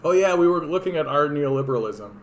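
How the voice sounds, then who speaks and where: A man with a hoarse voice, giving rambling, sarcastic and profane political commentary on a casual livestream. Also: on the high side, animated, quick pace. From Canada. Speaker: political streamer.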